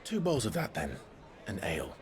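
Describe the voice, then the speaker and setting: An actor voicing a gruff, dry-humored middle-aged warrior in a video game, heard through game audio with background noise. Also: male voice, low-pitched, huge pitch swings, moderate pace. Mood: wry.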